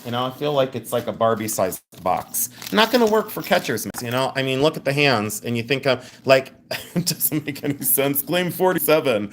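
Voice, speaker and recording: A man's voice: mid-range voice, slight background noise. A man hosting a live jewelry sale, chatting casually, joking and laughing as he describes rings and pendants with enthusiasm. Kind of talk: live sales stream chat.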